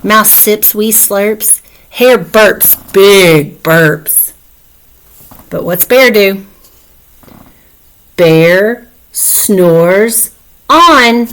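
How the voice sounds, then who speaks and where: A woman reading a picture book aloud to children, slow and expressive, pausing to ask them questions. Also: medium pitch, low-quality recording.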